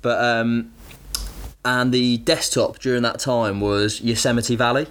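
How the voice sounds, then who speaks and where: A young British man with an ordinary mid-pitched voice, chatting casually on a podcast. He is relaxed and laughs easily as he adds to a shared travel story. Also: unhurried, clear, resonant tone. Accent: British English. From England. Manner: relaxed, laughs often, chimes in. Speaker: podcast co-host.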